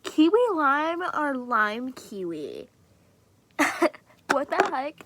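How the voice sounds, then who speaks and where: A woman with a high voice talks loosely to her camera while showing off her fidget toys. She rambles, swears freely and often sinks to a soft whisper mid-sentence. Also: sing-song, extremely slow, long pauses, no echo. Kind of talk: casual chat to camera.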